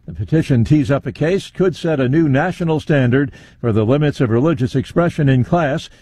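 A man reading a radio newscast as the anchor, in an even, scripted delivery. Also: medium pitch, fairly quick, slightly rough, dry recording. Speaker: news anchor.

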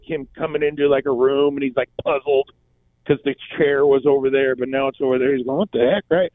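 A man's voice: a little high, dry recording. A male radio co-host telling a long story in casual talk and acting out the quotes. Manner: animated storyteller, acts out quotes. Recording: tinny phone-like band, dry.

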